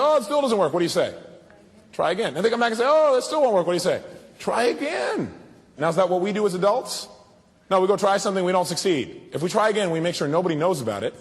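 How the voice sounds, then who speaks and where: A man with a fairly high, very animated voice quizzes his audience at a seminar. The sound rings on in a large reverberant hall. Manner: asks the audience questions, animated. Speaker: motivational speaker. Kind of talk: seminar talk to a live audience.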